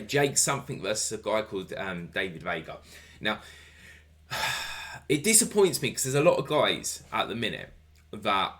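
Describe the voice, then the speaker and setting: A man's voice: deep voice, bright, forceful tone. A man giving a solo wrestling review, enthusiastic and rambling and swearing casually.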